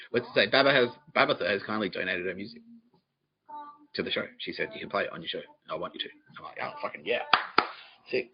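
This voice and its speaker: A man hosting a solo comedy podcast, rambling deadpan and profane, often laughing at his own jokes. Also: on the low side, slightly rough. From Australia. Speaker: podcast host. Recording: dull lo-fi recording.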